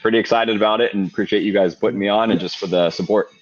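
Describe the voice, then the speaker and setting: A man's voice: lowish voice, steady tone, racing. A man, a guest founder chatting casually on a remote call in an upbeat, easygoing way. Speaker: guest, bottle shop founder. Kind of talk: casual interview chat. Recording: muffled remote call audio.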